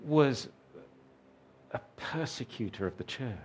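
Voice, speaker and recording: A man preaching a sermon, telling a story slowly and reflectively, raising his voice for the quoted lines. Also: medium pitch, animated, slight background noise.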